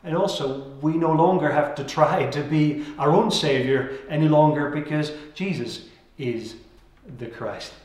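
A man's voice: on the high side, measured pace, a little mellow. A man preaching a sermon, earnest and reflective, letting his voice sink at the end of key phrases. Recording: very echoey room.

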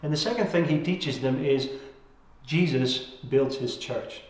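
A man delivers a sermon in an earnest, reflective way. His voice sits a little high for a man and sinks at the end of each key phrase. The sound rings out with heavy echo from the room. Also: measured pace. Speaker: preacher. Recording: very echoey room.

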